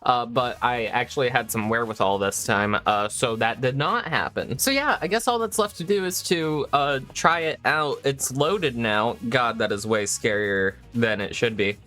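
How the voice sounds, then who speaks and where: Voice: mid-range voice, moderate pace, few pauses, pushed and bright, faint music behind. Rambling, foul-mouthed young vlogger. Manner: rambling, heavy swearing, self-mocking. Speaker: maker video host. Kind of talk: casual build vlog. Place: home room with candles.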